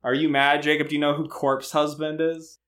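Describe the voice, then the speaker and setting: A man's voice: on the high side, flat delivery, brisk, a bit bright. A man co-hosting a podcast in casual chat, joking and self-mocking as he rambles along. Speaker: podcast co-host.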